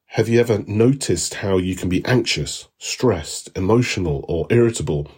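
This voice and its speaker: A man gives a recorded lesson in a calm, reassuring voice. His tone is fairly low and a bit husky, and he comes back to the same soothing phrases again and again. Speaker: course instructor.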